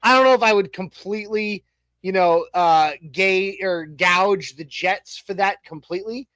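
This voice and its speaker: A man's voice: high voice, measured pace, a bit bright, no echo, rough recording. A man in his thirties co-hosting a casual sports talk show, rambling with many restarts and fillers and cracking jokes. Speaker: podcast co-host.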